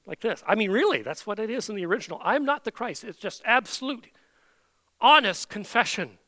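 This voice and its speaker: A man's voice: high voice, lively intonation, brisk, bright, forceful tone, no echo. A man preaching a sermon, emphatic, with many rhetorical questions to the congregation. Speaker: pastor.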